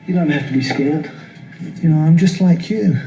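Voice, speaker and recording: An actor playing a lonely male artist on a phone call, speaking low and intimately in a film clip. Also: moderate pace, creaky, dark tone, faint music behind. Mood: brooding. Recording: film audio played in a room, from far off.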